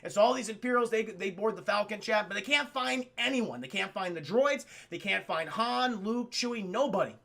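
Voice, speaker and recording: A young man on a stream retells a movie to his chat, rambling, animated and swearing freely. His voice is high and gravelly. The tone is bright and forward. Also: moderate pace, few pauses.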